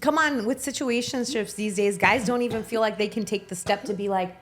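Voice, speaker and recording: A woman on a podcast chatting supportively, thinking things through aloud in a relaxed, casual way. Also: a little high, brisk. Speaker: podcast co-host. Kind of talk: casual chat.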